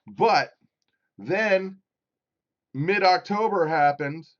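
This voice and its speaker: A man's voice: sits high, animated, drawn-out words, lo-fi sound. A middle-aged man hosting a casual live stream, rambling and chatty as he reads out viewer comments. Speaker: livestream host.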